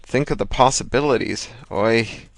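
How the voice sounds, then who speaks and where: A man's voice: mid-range voice, normal speed, gravelly, no echo, close to an everyday voice. A man reading an audiobook, voicing a dutiful adult superhero who is earnest and dryly sarcastic.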